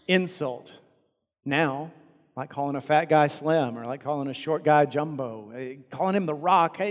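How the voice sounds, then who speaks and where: A man preaching a sermon as a pastor, impassioned, swinging from loud to hushed. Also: a little high. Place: church auditorium. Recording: long reverb of a large hall.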